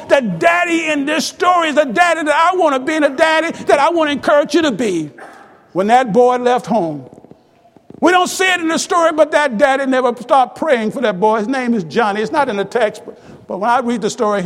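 A man preaching a sermon with fervent repetition that rises to shouts. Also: very high voice, a little fast. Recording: long reverb of a large hall.

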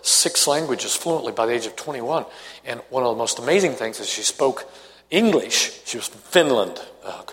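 A man's voice: fairly high pitch, in a large hall. A man from Tennessee with a faint Southern accent, teaching a Bible study class in a conversational way, asking questions and reading scripture aloud.

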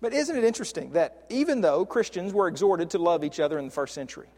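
Male preacher, conversational sermon, restarts, stretches key words; high-pitched, reverberant hall sound. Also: lively intonation, a little mellow. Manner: conversational, with frequent restarts and slow stressed words.

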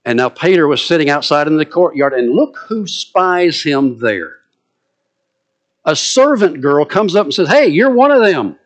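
A man's voice: fairly high pitch, lively intonation, a little slow. A man preaching a sermon, retelling a story with drama and vivid asides.

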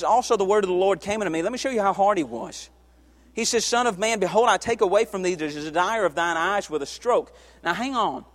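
A man from the United States preaching a sermon, swinging between loud emphatic peaks and low hushed stretches. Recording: long hall reverb.

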